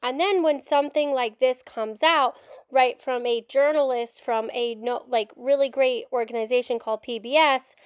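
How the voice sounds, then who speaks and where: A woman with a high voice rants in frustration as she reacts to a documentary, cursing without apology. Her sound is dry and close to the mic, with no room around it. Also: steady tone, moderate pace, smooth, no echo. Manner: frustrated, ranting, swears openly. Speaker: adoptee commentator. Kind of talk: reaction rant video.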